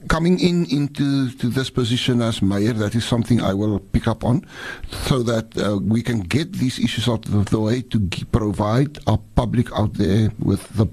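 Husky Cape Town-accented man, halting. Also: mid-range voice, a little mellow. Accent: Cape Town Afrikaans-influenced English. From South Africa. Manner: halting, repeats words, earnest. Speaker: mayor-elect guest. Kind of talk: radio interview answers.

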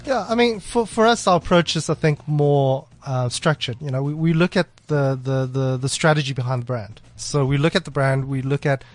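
A man working in advertising, a podcast guest speaking in a measured, hesitant way. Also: on the high side, soft background music. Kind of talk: casual discussion.

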